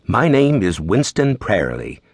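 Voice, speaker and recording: A man voicing a polite, formal Englishman who works as a gentleman's secretary, with an English accent. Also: lowish voice, huge pitch swings, a little slow, breathy edge, no echo, clean studio sound, exaggerated voice. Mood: courteous.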